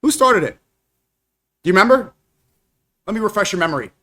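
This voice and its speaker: Young man, high voice, live streamer, heated reaction commentary, combative, accusatory. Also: big pitch swings, bright, forceful tone. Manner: combative, accusatory, rapid-fire rebuttals.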